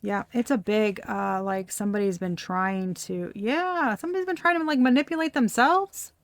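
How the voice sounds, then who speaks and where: Woman tarot reader, casual and blunt, swears a lot, mid-pitched, dry close recording. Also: normal speed, dry recording. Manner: blunt and profane, laughing often.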